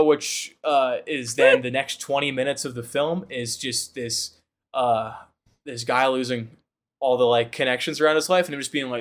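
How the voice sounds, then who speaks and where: A man cohosting a podcast, chatting casually and retelling a film in a rambling, profane, animated way. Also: medium pitch, moderate pace. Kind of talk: casual chat.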